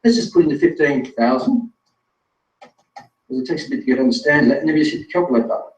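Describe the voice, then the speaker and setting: Guy running a live webinar, kinda high voice, echoey room, far from the mic. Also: fast talker, darkish tone. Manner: chatty, self-correcting, addresses viewers directly. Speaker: webinar presenter. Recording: distant roomy lo-fi sound.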